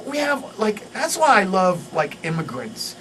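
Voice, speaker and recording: A male comedian riffing as a guest on a radio morning show, shouting punchlines and laughing through his rants. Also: sits high, wildly swooping pitch, a little slow, recorded from a distance, a little hiss or hum. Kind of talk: loud stand-up style riffing. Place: radio studio.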